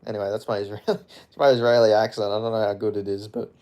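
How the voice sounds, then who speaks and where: A man's voice: on the low side, flat delivery, rapid-fire, a little mellow, clear, resonant tone. A man streaming casually, rambling and swearing as he reads out viewer comments. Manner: rambling, frequent profanity, offhand. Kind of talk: casual livestream chat, reading comments aloud.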